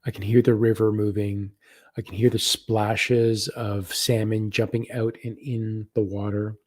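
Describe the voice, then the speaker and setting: A man with a low, husky voice guides a live spiritual practice. He talks slowly and softly, pausing as he reads viewer comments and describes what he senses. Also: level tone. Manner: slow, soft-spoken, reads viewer comments aloud. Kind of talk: live guided meditation session.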